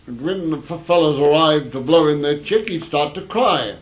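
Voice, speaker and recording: A man's voice: a little high, normal speed. A man telling old anecdotes in a wry, rambling way, in a dull lo-fi recording. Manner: wry, rambling, with fillers and restarts. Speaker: storyteller. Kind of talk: anecdotal storytelling.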